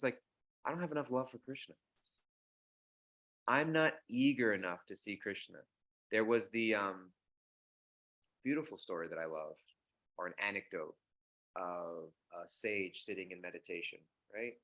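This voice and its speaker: A man's voice: low-pitched, pushed and bright, lo-fi sound. A man teaching a morning scripture class, speaking conversationally and telling anecdotes. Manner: conversational storytelling, acts out voices in anecdotes. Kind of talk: sermon.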